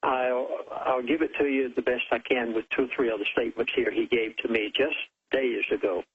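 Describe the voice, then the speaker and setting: A male radio guest who speaks slowly and deliberately, giving emphatic warnings. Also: medium pitch, steady tone, slightly rough, phone-quality sound.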